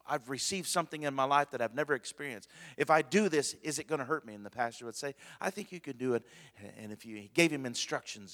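A man preaching a sermon as pastor, swinging from hushed to loud and repeating phrases for emphasis. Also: mid-range voice, fast. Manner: repeats words and restarts phrases. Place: church sanctuary. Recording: long reverb of a church hall.

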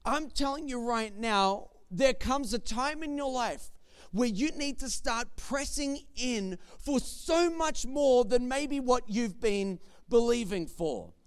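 A man's voice: very high voice, lively intonation, slow pace, clean tone. A man in his thirties preaching a sermon, telling a family story and building to emphatic declarations. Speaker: pastor.

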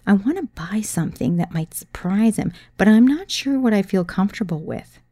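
A woman voicing a shy, hushed newlywed woman. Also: lowish voice, fairly quick, no room sound, studio quality, lightly acted. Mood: hesitant. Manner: hushed and hesitant.

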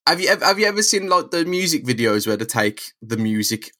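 Man, podcast co-host, jokey riffing, bright voice, lively swooping pitch. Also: fairly quick. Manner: jokey, riffs on scenes. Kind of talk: casual comic-book chat.

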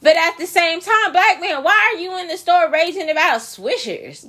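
A high-voiced woman hosts a solo podcast rant, her pitch swinging widely between lines. She talks with profane, incredulous emphasis and keeps hammering the same points. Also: lively intonation, normal speed, a bit bright. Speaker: podcast host.

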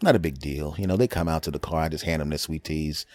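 Deep-voiced man telling a comic story. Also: fast talker, darkish tone, dry recording. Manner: rambling, self-mocking, acts out voices of people in his stories. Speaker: podcast host. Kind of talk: comedic storytelling monologue.

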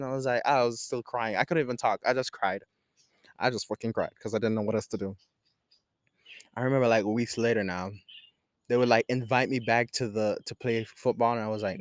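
A young man from Jamaica telling a casual story in a slangy, animated way, swinging between laughing and hushed tones. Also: mid-range voice, quick pace, no room sound, studio quality.

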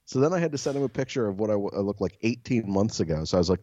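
A man's voice: fairly low pitch, animated, very fast, few pauses, warm tone, no room sound, lo-fi sound. A young man co-hosting a podcast, telling profane, self-mocking stories in a casual chat. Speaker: podcast co-host.

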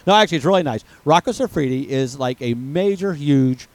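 A man co-hosting a podcast, pitching a product in a lively, salesman-like way. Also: fairly quick, no echo. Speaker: podcast co-host. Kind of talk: casual podcast chat.

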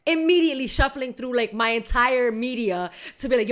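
A woman tells a story on a casual podcast, her voice bright and a little high. She is animated and laughs easily. She keeps slipping into the voices of the people she is quoting. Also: fairly quick, hardly any pauses. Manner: animated, laughing, acts out dialogue. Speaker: podcast co-host.

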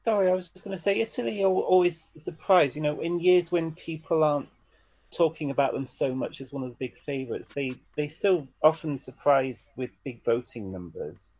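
A man's voice: fairly high pitch, moderate pace, a little mellow, dull audio. A man who is a guest judge on a casual song review chat, dropping dry, wry asides.

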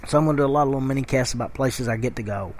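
This middle-aged man, a podcast host with a Kentucky accent, races through a rambling story at medium pitch, his tone a little mellow. The casual monologue is conversational and packed with fillers and restarts.

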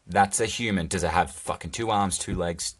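Young male podcaster, very low voice, profane rambling solo chat. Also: moderate pace, husky. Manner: rambling, profane, jokey asides. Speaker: podcast host. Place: recording alone on a phone. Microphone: phone.

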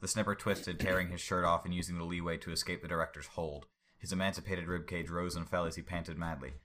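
A man reading a story aloud in an unhurried way, with asides about the text. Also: sits low, level tone, bright, forceful tone.

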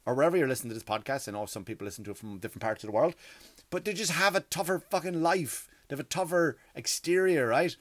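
Fairly high-pitched, animated and quick, the Irish-accented man in his thirties recounts a funny tale on his podcast, with no echo. He curses, digresses and restarts again and again.

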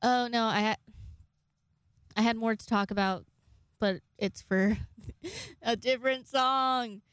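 A woman's voice: a little high, animated, slow, a bit bright, clear, resonant tone, dry recording. A young woman hosting a casual monologue, rambling in a chatty way and swearing freely. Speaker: host.

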